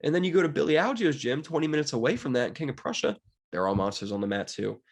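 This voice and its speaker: A young man from Pennsylvania chatting casually and jokingly about fight betting picks, with big swings in his delivery. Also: quick pace. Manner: animated, jokey, wide swings in pitch. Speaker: sports betting commentator. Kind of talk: casual solo betting talk.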